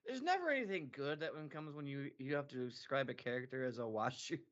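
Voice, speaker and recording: A man co-hosting a casual anime podcast who thinks through plot points out loud. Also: mid-range voice, expressive, quick pace. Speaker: podcast co-host. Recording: dull lo-fi podcast audio.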